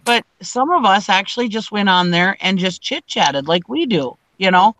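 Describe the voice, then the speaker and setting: Woman host, animated storyteller, casual call chatter, medium pitch. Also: normal speed, no echo, poor audio. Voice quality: animated storyteller, frequent laughs. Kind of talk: casual group chat, storytelling.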